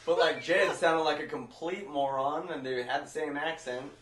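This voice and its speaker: A man's voice: a little high, moderate pace. Wry man, far from a roomy mic. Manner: wry, joking, deadpan quips. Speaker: co-host. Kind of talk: casual chat. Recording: roomy, distant mic, faint noise.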